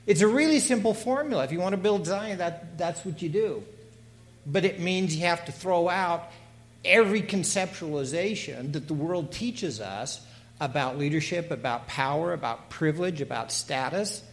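A man's voice: on the high side, animated, normal speed. A man speaking in a panel discussion, giving an earnest comment on scripture in an emphatic, preacherly way, with many fillers and restarts.

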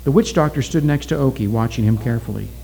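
A man narrating a story aloud in a steady, deliberate reading style. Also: medium pitch, creaky, poor audio.

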